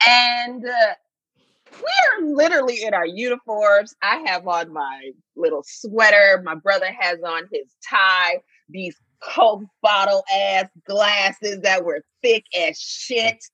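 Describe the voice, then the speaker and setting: Bright, husky storytelling woman. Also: medium pitch, slow, no room sound, dull audio. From Atlanta, USA. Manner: animated, profane storyteller. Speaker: guest. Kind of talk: casual storytelling.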